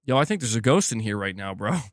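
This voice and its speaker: A man's voice: on the low side, fast, no room sound. Chatty man streaming on a dry mic. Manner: animated, laughing, slangy with frequent restarts. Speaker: gaming news streamer. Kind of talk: casual live-stream chat.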